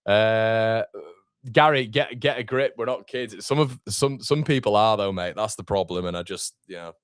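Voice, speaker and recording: Low-voiced chatty lad. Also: male voice, moderate pace, clean tone, dry recording, clean studio sound. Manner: chatty, reading out viewer comments. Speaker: football watchalong host. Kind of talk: casual live-stream chat. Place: home room.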